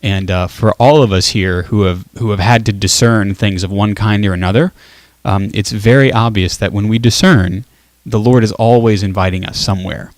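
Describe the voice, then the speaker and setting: A man's voice: lowish voice, normal speed, no room sound. A man hosting a casual talk show, chatty and laughing easily as he reads listener comments. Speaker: show host. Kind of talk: casual chat.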